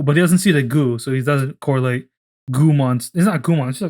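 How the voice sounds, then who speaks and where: A man's voice: medium pitch, fairly quick, a little mellow. A man co-hosting a casual podcast, talking in a rambling, profane way full of restarts. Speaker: podcast co-host. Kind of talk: casual chat.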